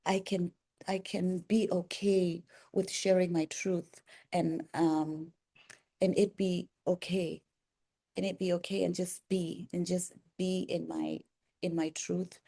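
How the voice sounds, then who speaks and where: A woman talking to camera in a personal, reflective vlog, earnest and soft-spoken, often pausing and restarting her sentences. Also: fairly low pitch, level tone, gravelly, husky. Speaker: vlogger.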